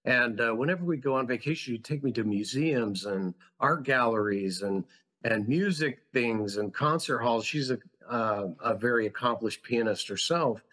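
A man who founded a school tells his story as a podcast guest, sounding earnest, passionate, and reflective. His voice is mid-range and fairly bright, at a normal speed.

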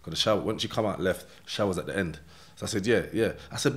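Low-voiced man with a London accent. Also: quick pace. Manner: animated retelling with acted-out dialogue and swearing. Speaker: podcast guest. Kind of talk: casual interview storytelling.

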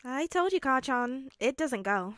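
A woman plays a gentle young man who speaks softly and sweetly, pitched a touch higher. It is a fanfic audiobook reading with a dry, close sound. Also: expressive, unhurried, no echo.

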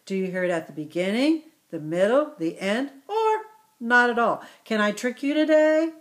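A middle-aged woman teacher leading a phonics drill for children, repeating each word slowly and encouraging them. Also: fairly high pitch, big pitch swings. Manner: slow, encouraging, exaggerated word repetition.

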